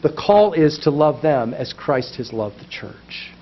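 A man with a somewhat high voice preaches to his congregation, repeating phrases and building in intensity. The recording sounds muffled and lo-fi, made in a church basement. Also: big pitch swings, measured pace, a little hiss or hum. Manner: impassioned, repetitive preaching with rising emphasis. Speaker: pastor. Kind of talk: sermon.

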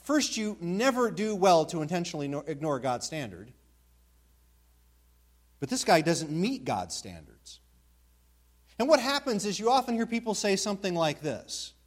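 A man with a high-pitched voice preaches to his congregation. He leans hard on key words and repeats them for emphasis. He asks the church rhetorical questions as he teaches. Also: very animated, moderate pace, pauses often. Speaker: pastor. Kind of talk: expository sermon.

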